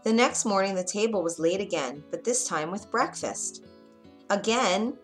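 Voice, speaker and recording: A woman narrating a children's storybook in a clear, measured read-aloud manner. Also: medium pitch, expressive, faint music behind.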